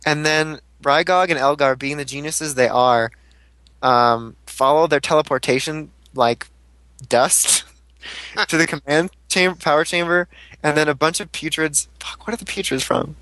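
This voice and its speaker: A man's voice: fairly high pitch, fairly even intonation, unhurried, bright, forceful tone, no echo, rough recording. Brief rambling man recapping with dry sound. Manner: rambling, swears casually, many fillers. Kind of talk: casual recap chat.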